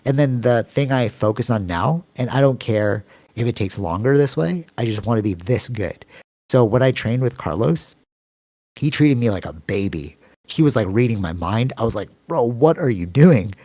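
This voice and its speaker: Rambling Canadian man, mellow voice. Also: lively intonation, moderate pace, dry recording. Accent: Canadian English. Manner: long-winded, rambling storytelling with many fillers; acts out quoted voices with sudden pitch jumps. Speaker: podcast co-host. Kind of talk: casual podcast chat.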